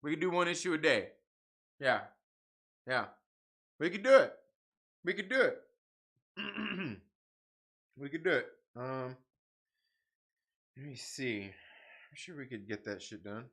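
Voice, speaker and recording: A man's voice: on the high side, lively intonation, takes it slowly, long pauses, a bit bright, husky. A man hosting a livestream, rambling in casual profane chat and laughing often. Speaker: livestream host reading comics.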